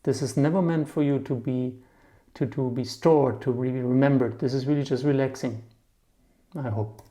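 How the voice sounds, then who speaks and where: In a relaxed, chatty German vocabulary lesson, a man with a mid-range voice explains words using memory tricks. He frequently checks in with a quick "yeah?"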